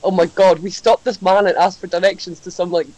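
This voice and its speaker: A woman's voice: lowish voice, flat delivery, brisk, a little mellow, no echo, low-quality recording. A woman chatting casually on a podcast, laughing and swearing as she tells stories. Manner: giggly storyteller, swears a lot. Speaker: podcast co-host. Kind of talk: casual chat.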